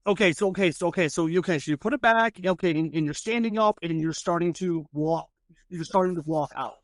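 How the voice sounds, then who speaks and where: A man's voice: a little high, dry recording. A man running a tabletop game as game master, with many stammered restarts. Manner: stammering restarts, quick laughs.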